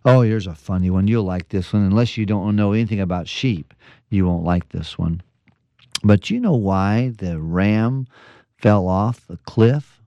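A man's voice: fairly low pitch, a little slow, dark tone, no echo, highs cut off. A man pastor giving a folksy radio devotional, telling jokes and stories with chuckles and restarts.

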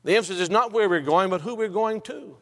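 A man preaching a sermon, quoting scripture and last words, swelling to impassioned highs and dropping low. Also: quick pace, big-room sound.

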